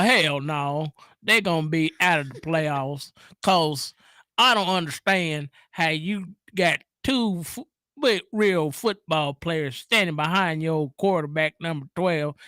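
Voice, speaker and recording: A man's voice: fairly high pitch, bright, forceful tone, clear, resonant tone, no room sound, studio quality. A man co-hosting a sports talk radio show, joking in folksy, boastful banter.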